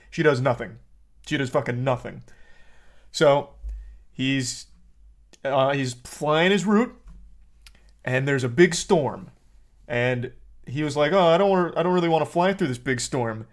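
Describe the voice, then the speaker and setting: A man streaming live, bluntly and profanely ranting about a movie to his chat in casual talk. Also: mid-range voice.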